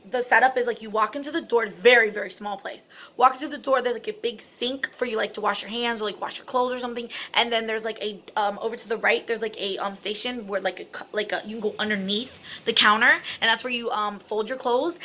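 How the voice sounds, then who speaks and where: A woman's voice: on the high side, pushed and bright. A woman telling a personal story in a chatty, dramatic vlog style, full of fillers and asides. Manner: chatty and dramatic, many fillers, self-described extra.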